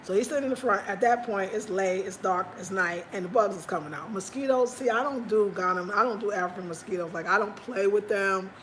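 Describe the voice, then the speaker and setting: An American woman chats on a casual livestream, spinning stories for her viewers in an even, mid-pitched voice. She keeps jumping into high, animated little cries when she acts out what other people said. A faint hum of ambient noise sits behind her. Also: brisk, few pauses. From United States. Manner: animated storytelling, acting out quotes in high cries; chatty, talks straight to viewers. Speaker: livestream host.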